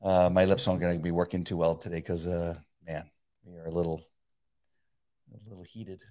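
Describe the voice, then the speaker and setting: A tired man co-hosting a casual devotional chat, relaxed and halting, full of fillers and restarts. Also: deep voice. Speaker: podcast co-host.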